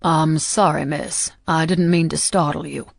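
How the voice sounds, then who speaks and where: A woman voicing a tall, sweaty businessman with a Southern accent, speaking politely and deliberately. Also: low-pitched, fairly even intonation, gravelly, dry recording, exaggerated voice.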